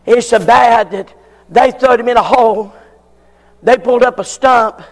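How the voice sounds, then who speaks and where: High, gravelly preacher in a hall. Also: male voice, a little slow. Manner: folksy, building to shouted peaks. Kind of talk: sermon.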